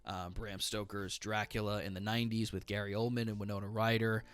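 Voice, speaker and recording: A man's voice: lowish voice, flat delivery, fairly quick, fairly bright tone, smooth. A man casually reviewing books he has read, chatty and enthusiastic, with many fillers. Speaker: book reviewer.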